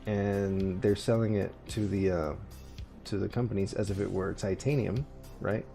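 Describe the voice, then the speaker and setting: A man's voice: on the low side, steady tone, moderate pace, vocal fry, warm tone, faint music behind. A man co-hosting a radio show, chatting casually and rambling with lots of fillers, restarts and swearing. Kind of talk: casual chat.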